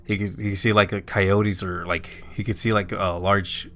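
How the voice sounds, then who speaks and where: A man's voice: low voice, level tone, normal speed, fairly bright tone. A man casually telling a spooky story on a podcast, rambling with lots of filler words. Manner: rambling, full of "like" and "you know". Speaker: podcast co-host.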